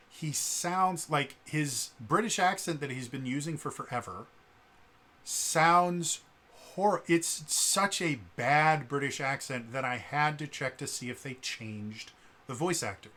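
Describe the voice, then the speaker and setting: A man's voice: medium pitch, expressive, a little slow, pushed and bright. A man giving blunt, rambling spoken commentary for his gaming vlog, full of um and uh fillers. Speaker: gaming vlogger.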